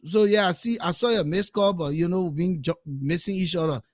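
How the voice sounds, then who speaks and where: A man's voice: sits high, a little fast, dry recording, clean studio sound. A man playing a teasing politician on a call, then a scolding friend, in a comedy skit. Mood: easygoing. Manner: teasing, mocking repetition.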